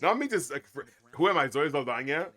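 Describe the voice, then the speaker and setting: A man's voice: fairly high pitch, very animated, fairly quick, pushed and bright. A man hosting a live stream, chatting casually with his viewers and joking as he explains the sport. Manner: chatty, joking, addresses chat as y'all. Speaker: livestream host. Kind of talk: casual watch-along chat.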